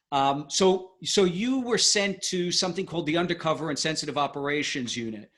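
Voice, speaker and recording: A man's voice: a little high, expressive, brisk, few pauses, a bit bright. A man hosting a podcast interview, thinking aloud in a rambling, thoughtful way. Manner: thoughtful, rambling, many fillers and restarts. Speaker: podcast host. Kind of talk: casual interview talk.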